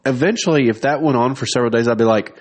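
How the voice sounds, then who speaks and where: A man's voice: medium pitch, very fast. A man co-hosting a podcast, rambling in casual crude banter and acting out quotes in a raised voice. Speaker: podcast co-host.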